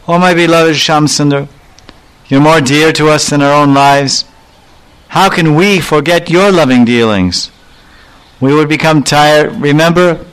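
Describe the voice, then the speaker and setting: A man's voice: mid-range voice, fairly bright tone, clean tone, close to an everyday voice, rough recording. A man putting on the voice of a lovelorn young village milkmaid who pleads with her absent beloved and reproaches him, in a raised, pleading tone. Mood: tender pleading.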